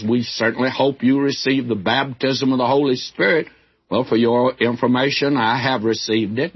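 A man's voice: mid-range voice, husky. An older man teaching the Bible in a folksy, earnest sermon, with chuckling asides. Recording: dull lo-fi old recording.

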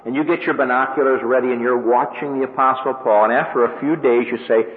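A man delivers a sermon for radio, pressing his points with sudden climbs in pitch. The sound is thin and tinny, like a phone line, and a long reverb trails after his words. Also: fairly even intonation, quick pace, hardly any pauses. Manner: emphatic, with sudden pitch rises on key words. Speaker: preacher.

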